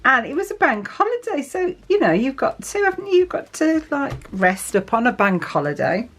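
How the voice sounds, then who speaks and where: A woman's voice: high-pitched, sing-song, normal speed, a bit bright, slight background noise. Chatty woman journaling on camera. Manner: chatty, asks viewers tag questions, laughs often. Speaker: planner vlogger. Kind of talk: casual chat while journaling.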